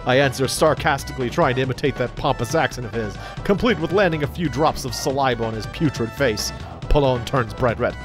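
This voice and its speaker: A man's voice: mid-range voice, a little fast, music in the background. A man hosting a let's play, reading the game's story aloud with playful, laughing asides. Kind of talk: reading game text aloud with commentary.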